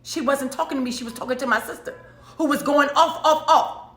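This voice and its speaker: A woman preacher telling a personal story in an emphatic, animated way, repeating phrases for effect. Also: high-pitched, brisk, roomy sound. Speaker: prophetess and preacher. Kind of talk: casual storytelling monologue.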